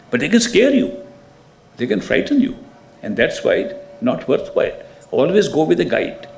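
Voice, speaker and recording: Gravelly man telling stories. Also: mid-range voice, a little hiss or hum. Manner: animated storyteller, acts out quoted voices. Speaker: spiritual teacher. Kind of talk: spiritual discourse with storytelling.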